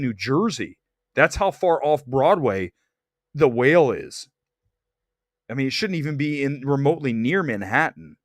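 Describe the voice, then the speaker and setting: A man's voice: on the high side, no room sound, clean studio sound. A man hosting a movie livestream, chatting in a sarcastic, opinionated way and reading viewer comments aloud. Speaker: movie review livestream host. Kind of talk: casual opinionated livestream chat.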